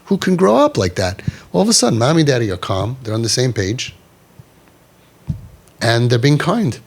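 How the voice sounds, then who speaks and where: A man's voice: mid-range voice, sing-song, moderate pace, gravelly, slightly rough. A middle-aged man leading a parents' group, talking emphatically and repeating himself, with Yiddish and Hebrew words mixed in. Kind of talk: animated talk to a parents' group.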